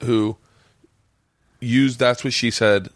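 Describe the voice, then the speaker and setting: A man's voice: medium pitch, takes it slowly, dry recording. Man hosting a casual podcast chat. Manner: swears a lot, rambling animated storytelling. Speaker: podcast host.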